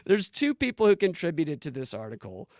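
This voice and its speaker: Hosting a casual political commentary show, an incredulous man with a slightly higher-than-average voice talks a little fast in animated bursts. He restarts phrases as he reads posts aloud. The audio is dry and close-miked.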